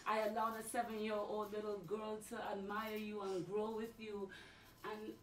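Halting mother, far off. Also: medium pitch, completely flat delivery. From Trinidad. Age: middle-aged. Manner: halting, repeats words, tearful. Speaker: streamer's mother. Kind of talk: emotional casual talk. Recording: roomy, distant mic, noisy.

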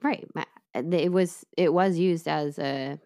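A podcast co-host slowly retells a criminal trial for her partner on the show, step by step, in a notably low, slightly mellow voice. She keeps it easygoing and conversational, with many asides, telling the true-crime case as a story rather than reading it.

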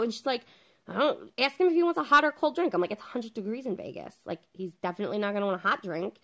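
A woman's voice: a little high, lively intonation, fast, fairly bright tone. A woman in her thirties casually telling a funny story at home, chatty, swearing freely and acting out what everyone said. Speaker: vlogger.

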